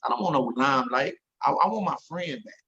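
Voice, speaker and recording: A man's voice: on the high side, expressive, brisk, bright, forceful tone, dull audio. A man telling an emotional story as an interview guest, earnest and repeating himself when moved.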